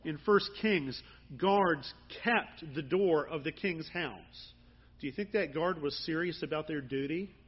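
A man delivers a sermon in a conversational, earnest way, his emphasis rising now and then. His voice sits high and comes out husky. The recording sounds a little muffled. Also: a little slow. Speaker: pastor.

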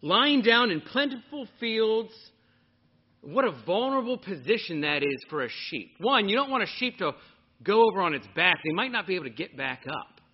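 High, lively male preacher. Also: normal speed, husky, muffled recording. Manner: animated preaching, questioning the congregation. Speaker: pastor. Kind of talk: sermon.

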